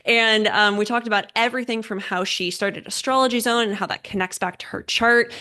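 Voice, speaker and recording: A woman's voice: mid-range voice, a bit bright. A young woman hosting a podcast, eager and bubbly, chatting with plenty of fillers. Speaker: podcast host. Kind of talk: casual interview.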